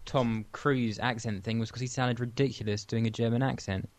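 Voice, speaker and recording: Male guest voice, mid pitch, relaxed and halting. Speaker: podcast co-host. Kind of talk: casual film discussion.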